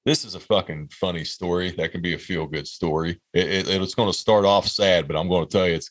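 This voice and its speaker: Podcast co-host, male, 30s: low and forceful voice, rambling profane storytelling. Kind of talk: casual storytelling chat.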